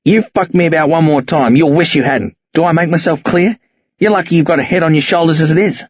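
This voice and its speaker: Hoarse, barking cop, as a male narrator puts him on, hungover and seething, pitched up and husky; dull dry audiobook take. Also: fairly quick, no echo. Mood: threatening. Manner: berating, threatening, voice rising steadily. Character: gruff hungover middle-aged male country police sergeant.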